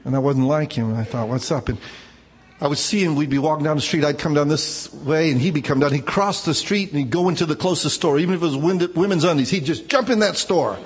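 A man's voice: a little high, fast talker. Man preaching in a reverberant church. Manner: informal, personal storytelling, frequent "man" asides. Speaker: pastor. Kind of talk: conversational sermon.

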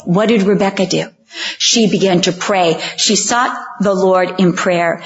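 A woman preaching a sermon, earnest and emphatic, slowing down on key lines and acting out the voices she quotes. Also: medium pitch, muffled recording.

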